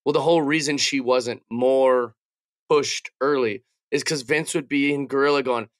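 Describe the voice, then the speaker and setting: A man co-hosting a podcast, chatting casually and joking, slipping into quick mimicked bits of other people. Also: medium pitch, steady tone, dry recording, studio quality. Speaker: podcast co-host. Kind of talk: casual chat.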